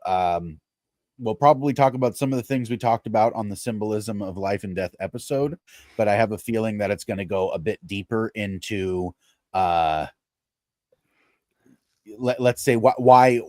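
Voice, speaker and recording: A man's voice: fairly low pitch, a little mellow, no room sound. A man co-hosting a faith podcast, talking earnestly about upcoming episodes, with frequent fillers. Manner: earnest, thoughtful, with many fillers and laughs. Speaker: podcast co-host. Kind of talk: casual chat and show announcements.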